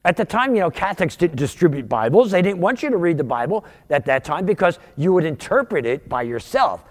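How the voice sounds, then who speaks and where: A man in his sixties from outside Philadelphia, telling his conversion story as a sermon testimony, with animated, storytelling delivery. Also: fairly quick, big-room sound. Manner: animated storytelling, wide pitch swings, rising for punchlines. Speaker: guest speaker giving testimony.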